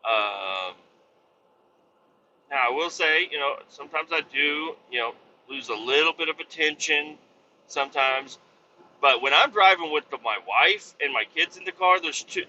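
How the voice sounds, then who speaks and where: A man's voice: fairly high pitch, bright, forceful tone, lo-fi sound, a little hiss or hum. A man in his thirties hosting a podcast, telling stories in a rambling, profane, casual way full of restarts and fillers. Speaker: podcast host. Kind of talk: casual storytelling monologue.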